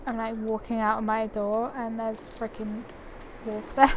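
Young woman talking through her game at the desk mic, kinda high voice, rambly and chatty. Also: level tone, a little slow, fairly bright tone, slight background noise. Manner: chatty and rambling, thinking aloud with light laughs. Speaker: gaming channel host. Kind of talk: casual gameplay commentary.

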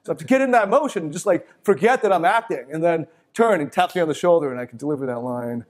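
A man's voice: a little high, expressive, fast. A middle-aged man giving a live motivational talk. He is blunt and swears freely, and he breaks into little performances of the people he quotes. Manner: blunt, profane, acts out quoted voices.

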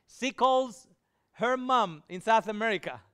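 Man preaching a story, high smooth voice, lively, does the voices of people he quotes. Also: a little slow. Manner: animated, acts out quoted voices. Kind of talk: storytelling sermon.

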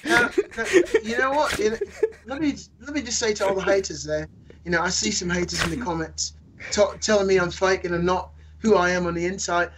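A man's voice: high-pitched, a little fast, crowd noise, low-quality recording. A man chatting on a podcast, jokingly hamming it up in a mock British accent. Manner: jokey, hammy, puts on a mock British accent. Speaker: podcast guest host. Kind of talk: casual podcast chat.

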